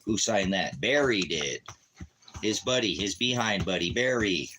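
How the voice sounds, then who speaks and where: A man with a very low voice talks loosely through a home live stream, drifting between preaching and joking. He keeps breaking off to talk to his dogs. The recording carries clear background noise. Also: lively intonation, measured pace, bright, forceful tone. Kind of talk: casual live-stream chat.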